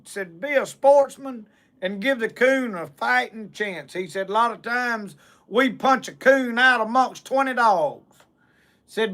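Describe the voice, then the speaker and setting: A Southern man spins a comic hunting tall tale in a drawl, piling up clause after clause. His voice sits very high and bright, with a ringing edge. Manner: drawling, repeats "said" constantly. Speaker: storyteller.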